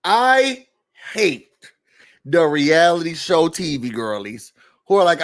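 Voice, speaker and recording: A man recapping a reality show in a sassy, animated rant, talking straight to his viewers from a room indoors. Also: fairly high pitch, takes it slowly. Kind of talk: casual rant-style recap.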